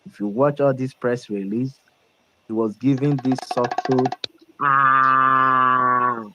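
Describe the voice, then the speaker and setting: A man's voice: mid-range voice, unhurried, muffled recording, over loud music. A man with a Nigerian accent giving emphatic, confident political commentary.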